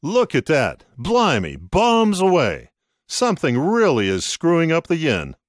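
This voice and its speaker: A man voicing a brash, excitable English male trader who speaks bluntly and exclaims freely. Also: medium pitch, moderate pace, no room sound, clean studio sound, natural voice. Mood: excited.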